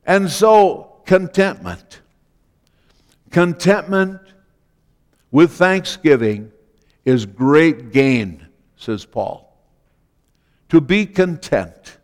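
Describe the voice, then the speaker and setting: A man preaching a sermon as pastor, slow and deliberate, repeating key phrases for emphasis. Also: on the high side, expressive, in a large hall.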